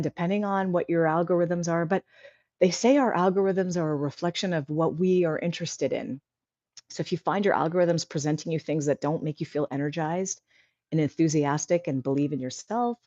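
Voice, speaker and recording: A woman's voice: deep voice, warm tone, dry recording, lo-fi sound. A woman hosting a casual livestream, reading viewer comments aloud and answering them in an earnest, encouraging way that rambles a little. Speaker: livestream host.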